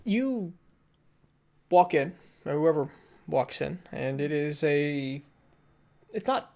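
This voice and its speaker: Gravelly-voiced game master narrating. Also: male voice, a little high. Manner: relaxed, pauses with ums and uhs while describing scenes.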